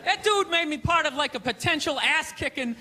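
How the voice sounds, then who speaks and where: A male stand-up comedian performing a sarcastic, ranting set on a theater stage, often breaking into shouts. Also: very high voice, expressive, brisk, over a noisy crowd. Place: theater stage before a live audience. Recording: live theater recording with audience laughter and noise.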